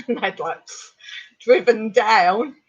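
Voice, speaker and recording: A middle-aged woman from England, telling a long personal story on a livestream in a rambling, animated way. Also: a little high, slow, slightly rough, highs cut off. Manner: rambling, animated retelling with laughs. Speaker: vlogger on a livestream.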